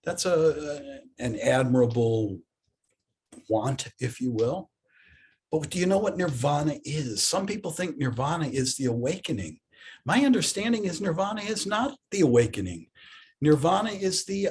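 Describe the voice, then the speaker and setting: A man's voice: mid-range voice, husky. A man, a Buddhist teacher, giving a reflective dharma talk that often stops and restarts. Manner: reflective, hesitant, with many restarts.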